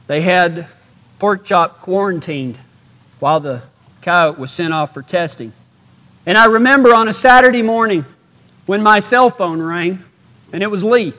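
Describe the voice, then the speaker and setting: Folksy high-voiced preacher. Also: male voice, expressive, a little slow, pauses often. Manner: folksy drawl, drops to a hush at sad moments. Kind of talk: storytelling sermon. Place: stage before a live audience. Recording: reverberant hall.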